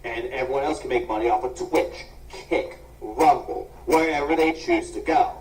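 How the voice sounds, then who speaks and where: A man's voice: mid-range voice, moderate pace, a little mellow. A man doing sarcastic reaction commentary, scolding and mocking with plenty of swearing. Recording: roomy and distant.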